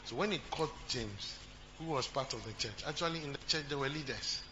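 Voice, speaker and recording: Speaking fairly quickly at medium pitch, a pastor delivers a sermon in church, repeating phrases and joking as he asks his congregation questions. The recording is dull, with humming noise.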